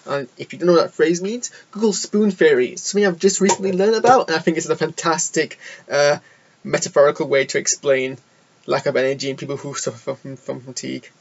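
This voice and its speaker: A man's voice: a little high, fast talker, gravelly, dull audio, a little hiss or hum. A young man casually rambling through his thoughts on a film, chatty and self-deprecating. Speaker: film reviewer. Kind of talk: casual solo film review. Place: indoor room.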